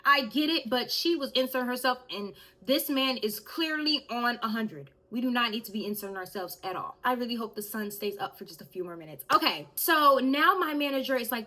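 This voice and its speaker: A young woman telling a storytime vlog in an animated way, speaking straight to her viewers. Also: a little high, a little fast. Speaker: vlogger.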